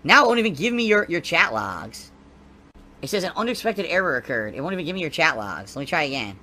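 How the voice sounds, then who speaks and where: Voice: medium pitch, very animated, fast, pushed and bright, a little hiss or hum. A streamer in a played clip, exasperated and frustrated while moderating the chat.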